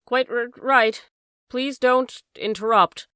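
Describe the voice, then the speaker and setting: A woman's voice: mid-range voice, sing-song, measured pace, bright, forceful tone, no echo, clean studio sound, full character voice. A woman reading an audiobook, voicing a prim male vicar who speaks with a strained, jerky intonation.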